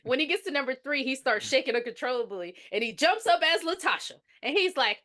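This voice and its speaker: A woman's voice: high voice, lively intonation, a little fast, hardly any pauses, sharp tone. A woman podcast co-host recapping a movie in casual chat, animatedly acting out the characters' lines as she tells the story.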